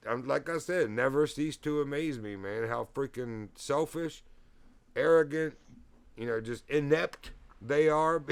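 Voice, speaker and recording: A man's voice: medium pitch, a little slow, gravelly, smooth. A man telling a rambling, profane story in casual chat, laughing often and getting heated as he retells it. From Virginia. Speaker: streamer.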